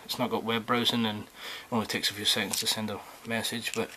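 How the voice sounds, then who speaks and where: A man's voice: on the low side, little pitch movement, quick pace, sharp tone. Guy unboxing stuff at home, swears a lot, rambly and self-mocking, noisy recording. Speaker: vlogger unboxing a controller keyboard. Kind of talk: casual unboxing vlog.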